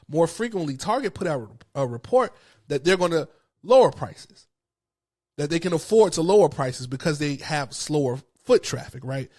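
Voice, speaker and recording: Fired-up man ranting about prices. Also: on the high side. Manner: passionate, frustrated ranting. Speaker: host. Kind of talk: political commentary monologue.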